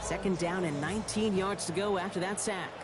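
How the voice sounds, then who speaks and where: A man voicing the play-by-play commentator of a football video game, calling each play in crisp, brisk phrases. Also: sits high, lightly acted. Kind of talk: scripted sports play-by-play. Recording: game broadcast mix with loud crowd and music.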